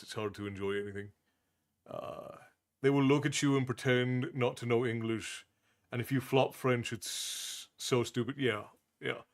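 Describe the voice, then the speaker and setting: A man hosting a livestream, chatting casually with viewers in a rambling way, full of restarts and chuckles. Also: mid-range voice. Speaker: livestream host.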